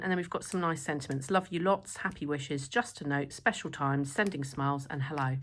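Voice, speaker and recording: A woman with a slightly hoarse voice, walking through a craft product demo in a chatty, enthusiastic way. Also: deep voice, fairly bright tone. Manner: chatty, enthusiastic, many fillers. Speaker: stamp designer presenting new products.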